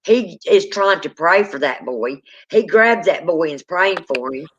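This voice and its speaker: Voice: mid-range voice, animated, unhurried. A speaker, telling a true ghost story in casual spoken style and acting out the people in it. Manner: dramatic, acts out quoted people. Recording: dull lo-fi sound.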